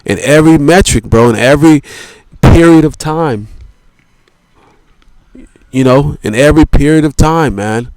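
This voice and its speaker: A man delivering a rambling philosophical monologue, profane and repetitive, leaning on filler words and slow, drawn-out emphasis. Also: fairly high pitch, a little mellow, dry recording, studio quality. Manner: profane, repetitive, peppered with "you know" and "man".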